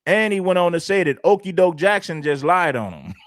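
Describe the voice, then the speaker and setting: A man's voice: high-pitched, big pitch swings, brisk, dry recording, studio quality. A man hosting a reaction commentary show, talking in an emphatic, repetitive, chatty way.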